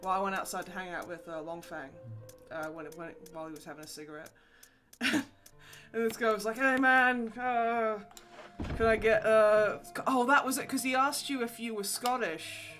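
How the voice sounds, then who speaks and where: A woman's voice: medium pitch, brisk, soft background music. A young woman hosting a livestream, chatting casually while she plays, telling stories with lots of swearing and laughter. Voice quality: sweary, laughing, animated storyteller. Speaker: livestream host. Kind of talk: casual chat while gaming.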